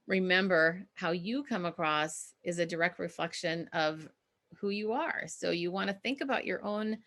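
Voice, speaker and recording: Woman, communication coach, middle-aged, bright forceful voice, energetic, encouraging. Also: medium pitch. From Minnesota, US. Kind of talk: teaching an online class.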